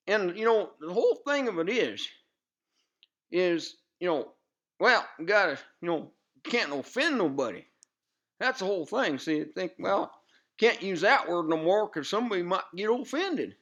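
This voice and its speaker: A man playing a loud-mouthed, bigoted redneck commentator with a rural Southern US accent, rambling in a folksy drawl full of fillers on a comedy news show. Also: sits high, highs cut off, exaggerated voice. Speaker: satirical news pundit. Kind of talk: comedic character monologue.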